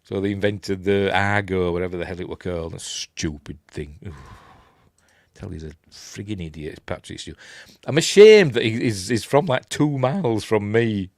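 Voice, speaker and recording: A Yorkshire man, older, chatting about old films in a rambling, easygoing way. His voice sits on the low side and the sound is close and dry, with no room around it. He fills gaps with ums and pokes fun at himself. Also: animated, moderate pace, darkish tone, no room sound. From Yorkshire, England. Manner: rambling, self-deprecating, filler-heavy. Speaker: channel host. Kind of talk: casual live-stream movie chat.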